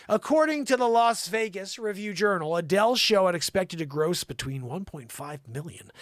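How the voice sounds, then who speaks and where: Excitable high-voiced male vlog host. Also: normal speed, hardly any pauses, no room sound, studio quality. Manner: excitable, bursts into shouting, chatty asides. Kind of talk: excitable news-reading commentary.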